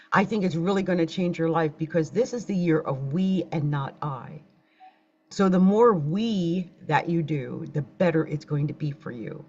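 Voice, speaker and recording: A woman hosting a casual astrology livestream, chatting straight to her viewers. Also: mid-range voice. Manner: chatty, talks straight to viewers, gets flustered by tech trouble. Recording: dull lo-fi livestream audio.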